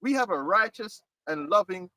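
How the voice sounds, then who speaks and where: A man's voice: sits high, expressive, moderate pace, bright, forceful tone, no echo. A man preaching fiery and emphatic on a street outdoors, often tagging lines with "man", recorded from a distance.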